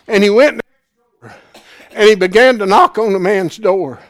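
Male preacher, high voice, fervent; hushed storytelling to excited exhortation. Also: unhurried, vocal fry, long pauses. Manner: repeats phrases for emphasis. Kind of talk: sermon.

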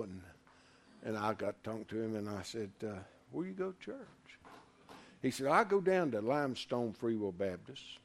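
A man preaching a sermon, fervent, swinging from loud exclamations to quiet asides. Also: mid-range voice.

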